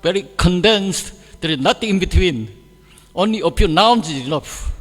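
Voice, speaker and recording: Male class speaker, gravelly voice, plain broken-grammar English, long hall reverb. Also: a little high. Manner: simple, halting non-native English with dropped articles; animated when mimicking others. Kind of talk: scripture class talk. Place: temple hall. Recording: echoey hall.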